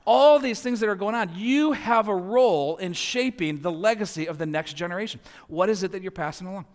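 In a room with long hall reverb, a pastor in his forties preaches a sermon in a high, fairly quick voice. He tells stories about his family, and his voice climbs as each anecdote builds.

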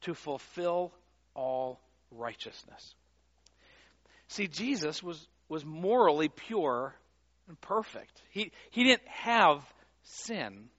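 A man's voice: a little high, sing-song, slow pace, a bit bright, muffled recording. A male pastor preaching a sermon in a conversational, emphatic way, with frequent fillers and restarts.

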